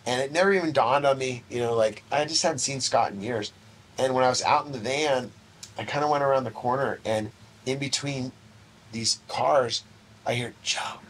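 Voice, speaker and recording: A man's voice: mid-range voice, moderate pace, slight background noise. A middle-aged man telling a long anecdote in a casual interview, acting out the other people's lines and swearing freely. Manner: animated anecdotes, acts out quoted voices, swears casually. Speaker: interview guest. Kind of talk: casual storytelling.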